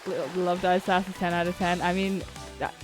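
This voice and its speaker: A woman's voice: on the low side, level tone, moderate pace, soft background music. A woman streaming a video game, chatting casually and wryly as she plays and reads aloud. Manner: chatty, wry, swears casually. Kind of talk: casual gameplay commentary.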